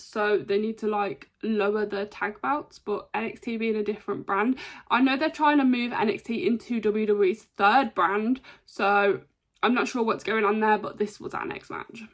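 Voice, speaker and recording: A woman casually recapping a wrestling show, chatty with lots of ums and quick impressions. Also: mid-range voice. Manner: chatty, frequent ums, brief imitations of wrestlers.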